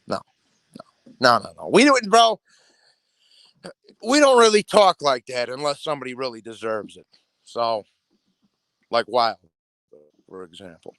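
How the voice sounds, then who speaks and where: A man's voice: mid-range voice, very animated, unhurried, long pauses, a bit bright, dry recording. A man hosting a boxing talk show, rambling casually and swearing, calling his viewers "bro". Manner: profane, streetwise, talks to viewers as "bro".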